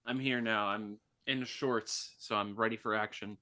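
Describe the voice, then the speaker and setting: Playful male player with a bright, tense edge, video call chat. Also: fairly low pitch, fairly even intonation, moderate pace. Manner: playful, jokey. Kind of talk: casual tabletop play over a video call.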